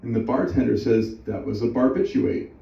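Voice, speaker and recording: A man's voice: medium pitch, animated, fairly quick, vocal fry, heavy background noise. Man telling a shaggy-dog joke live. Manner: playful, acts out roaring bear and pleading bartender. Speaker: open mic storyteller. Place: open mic venue. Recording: distant roomy lo-fi live recording.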